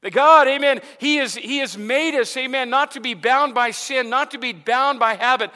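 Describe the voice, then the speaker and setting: A man delivers a sermon with a high, bright voice, talking loosely and dropping "amen" between phrases. He often restarts and repeats words as he builds his point. The sound carries a long reverb, as in a large hall. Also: normal speed. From Arizona, USA. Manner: preaching with frequent "amen" fillers and repetitions. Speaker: pastor.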